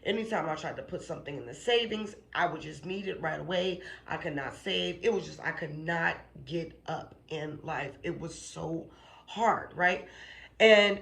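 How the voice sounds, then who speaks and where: A channel host shares her personal faith testimony casually but emphatically, repeating phrases for emphasis and checking in with "okay?" and "you know what I'm saying?" Her voice is low-pitched and gravelly with a fairly bright tone, at a moderate pace.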